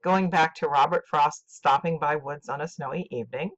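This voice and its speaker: An older woman teaching a scripted literature lesson, speaking slowly and deliberately with clear enunciation. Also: sits low. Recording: dull lo-fi recording.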